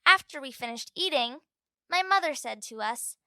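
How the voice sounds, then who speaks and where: Bright high-voiced woman narrator. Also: animated, moderate pace, no room sound. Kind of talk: scripted story narration.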